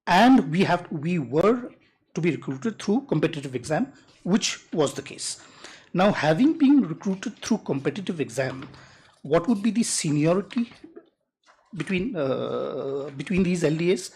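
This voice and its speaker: Courtroom advocate, slightly husky tone, reads statutes slowly and precisely. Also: medium pitch, big pitch swings, a little mellow. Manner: measured, deliberate, reads rules aloud slowly. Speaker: advocate arguing before a judge. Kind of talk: courtroom legal argument.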